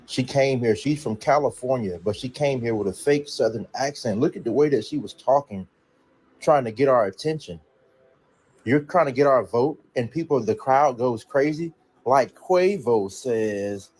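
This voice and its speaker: A man's voice: medium pitch, lively intonation, normal speed, a little mellow, breathy edge. A man giving an exasperated, indignant opinion rant in casual commentary.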